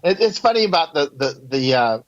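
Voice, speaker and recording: A man's voice: on the high side, big pitch swings, a little fast. A man telling rambling stories as a guest in a casual interview, laughing at his own anecdotes. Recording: dull lo-fi audio.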